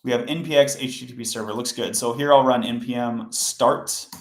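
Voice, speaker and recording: A man's voice: mid-range voice, fairly even intonation, fairly quick. A man hosting a live coding stream, explaining each step in a chatty way and talking to his chat. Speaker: coding livestream host. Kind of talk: casual live coding tutorial. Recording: roomy echo.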